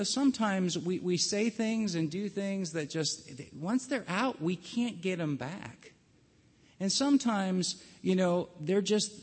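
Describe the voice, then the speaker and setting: A man's voice: a little high, darkish tone. Earnest male pastor in a reverberant hall. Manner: earnest, halting, many restarts. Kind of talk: sermon.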